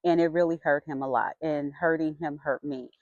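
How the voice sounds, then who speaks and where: A middle-aged woman vlogger telling a personal story in a frank, chatty and expressive way. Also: low-pitched, fairly quick, dry recording. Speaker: vlogger sharing her health story. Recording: dull lo-fi sound.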